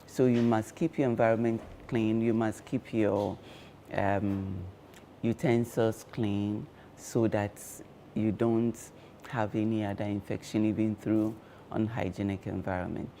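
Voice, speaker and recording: A man speaking as a guest on a breakfast show, explaining care tips slowly and with many fillers. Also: lowish voice, little pitch movement, creaky, dark tone, a little hiss or hum. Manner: slow, measured explaining with frequent fillers. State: talking with cloves in his mouth. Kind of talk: explanatory studio talk.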